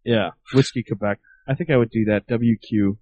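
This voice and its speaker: A man's voice: on the low side, fairly even intonation, normal speed, mellow, no room sound, dull audio. Man, pilot, podcast co-host, easygoing casual chat, dry close sound. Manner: easygoing, laughs along.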